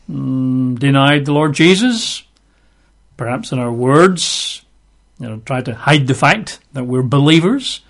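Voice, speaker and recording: Male Bible teacher, conversational sermon, a touch high-pitched, wry. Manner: chatty, wry asides between scripture readings.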